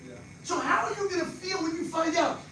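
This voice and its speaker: An older man with a New Jersey accent gives a live money seminar. He talks fast and animated and quizzes people in the audience. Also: extremely high pitch. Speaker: financial speaker. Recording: echoey far-off room mic with noise.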